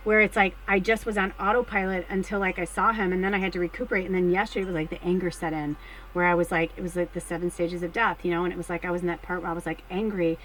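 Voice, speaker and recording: A middle-aged woman reading tarot cards in a casual, rambling chat, full of fillers, swinging between hushed and excited. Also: on the low side, fast, slight background noise, low-quality recording. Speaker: tarot card reader.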